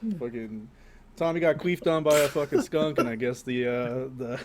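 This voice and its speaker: A man's voice: mid-range voice, normal speed, noisy background. A man co-hosting a podcast in casual chat, rambling and crude, often trailing off mid-sentence. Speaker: podcast co-host.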